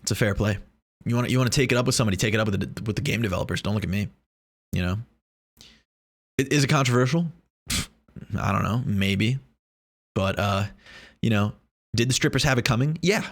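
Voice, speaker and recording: Rambling, joking man with a low voice. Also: a little fast, long pauses. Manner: rambling, joking, profane, many restarts. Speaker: vlogger. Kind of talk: casual chat to camera.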